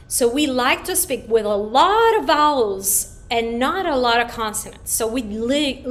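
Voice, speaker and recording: A woman from the Dominican Republic teaching children a song online, upbeat and leading call-and-response. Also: fairly high pitch. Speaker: choir teacher.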